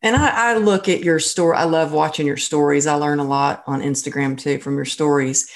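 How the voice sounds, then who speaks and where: A woman's voice: sits low, fairly even intonation, fairly quick. A middle-aged woman hosting a podcast, chatty and affirming, gushing over her guest's habits. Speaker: podcast host. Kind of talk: casual chat.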